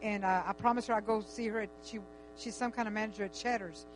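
An older woman tells a long personal story in a casual, animated way, full of restarts and quoted dialogue. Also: medium pitch, fast talker. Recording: faint music and mains hum.

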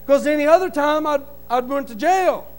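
A middle-aged man giving an impassioned testimony in church, pleading and rising to shouts. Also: extremely high pitch, normal speed, low-quality recording. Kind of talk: preaching testimony.

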